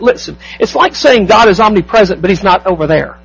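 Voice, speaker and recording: Man, pastor, sermon, high voice, husky, emphatic, rhetorical questions. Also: a little fast, highs cut off.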